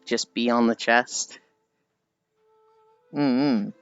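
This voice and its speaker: A woman's voice: extremely low pitch, extremely slow, smooth, no echo, highs cut off, soft background music. Giggly, rambling woman streamer. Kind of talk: casual chat while walking.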